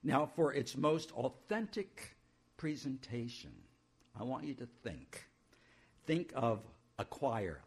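A man's voice: mid-range voice, very animated, takes it slowly, slightly rough. A male pastor introducing a church service in a conversational way, with homely asides.

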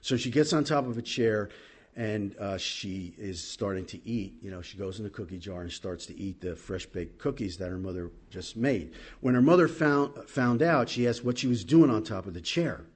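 A man preaching a sermon as pastor, animated, swinging from loud exclamations to low asides. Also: normal speed, breathy edge.

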